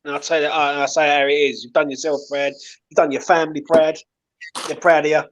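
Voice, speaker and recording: Man, slightly high voice, casual repetitive pep talk, dull lo-fi call audio. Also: little pitch movement, fast talker. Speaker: guest on a live watchalong stream. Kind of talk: casual encouraging chat.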